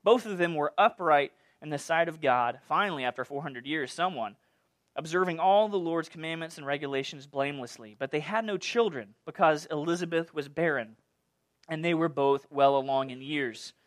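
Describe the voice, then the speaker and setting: Pastor guy preaching, fairly high voice, jokey and lively with the congregation. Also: moderate pace. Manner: playful, animated, chatty asides. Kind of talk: sermon.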